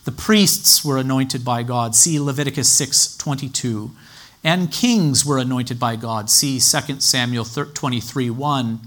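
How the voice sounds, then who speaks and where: Measured male Bible teacher. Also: medium pitch, fairly bright tone. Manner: measured and explanatory, citing scripture references. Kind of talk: teaching sermon.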